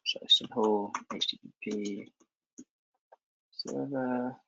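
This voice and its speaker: A man giving a live software demo at a conference, talking loosely with many ums and restarts. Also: mid-range voice, steady tone, slow, creaky, noisy background. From New Zealand. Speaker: conference presenter. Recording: dull lo-fi sound.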